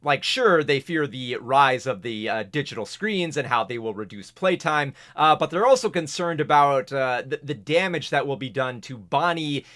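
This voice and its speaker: A man's voice: medium pitch, lively intonation, moderate pace, hardly any pauses, fairly bright tone. A man giving a casual spoken movie review from a home setup, rambling and restarting his sentences. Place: home recording setup with camera and big monitor.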